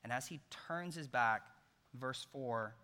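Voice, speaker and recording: A man preaching a sermon, retelling a story in an animated, jokey way. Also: medium pitch, slow pace. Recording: long hall reverb.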